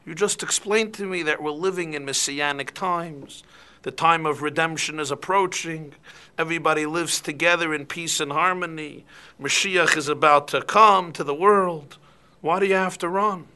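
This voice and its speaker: A man's voice: on the high side, normal speed, sharp tone, smooth. A man voicing an innocent but wary bird who questions a fox in a fable. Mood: puzzled. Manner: incredulous, questioning.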